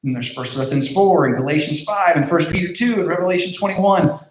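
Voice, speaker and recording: A man's voice: on the high side, fairly quick, slight background noise. A man giving a casual youth group talk as pastor, conversational, with many fillers and repeated words. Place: large room with a group. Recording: echoey room.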